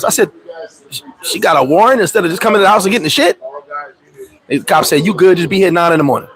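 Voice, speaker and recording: Speaking fast but with long pauses, this man's high voice comes through a rough recording. He's a vlogger living abroad in the Dominican Republic, telling an animated, profanity-heavy story on his livestream and playing out the other characters.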